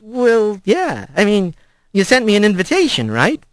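A man's voice: sits high, huge pitch swings, normal speed, dry recording, studio quality, pitched above the performer's own voice. A man voicing a shy male rat who speaks in a hesitant, casual way. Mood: awkward. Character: male rat, shy outsider returning to town.

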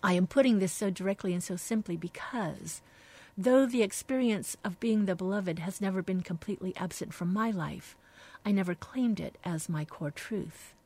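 Reading from a devotional book on the radio, a woman with a mid-range voice speaks softly and reflectively at a slow pace. Now and then her words drop to a hush.

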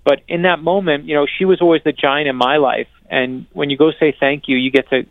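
Male author guest, energetic and earnest storyteller, gravelly, phone-quality audio. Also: a little high, no room sound. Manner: earnest, energetic, quick restarts and repetitions. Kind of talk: animated storytelling conversation. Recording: dry, narrow phone-like sound.

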